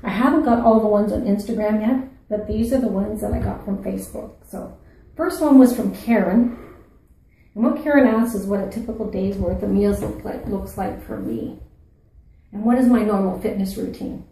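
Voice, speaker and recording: Talking to camera at normal speed, a woman with a Maritime Canadian accent from Newfoundland and Nova Scotia playfully chats with her viewers as a channel host. Her voice is medium-pitched and dark, and the poor recording is very echoey and taken from a distance.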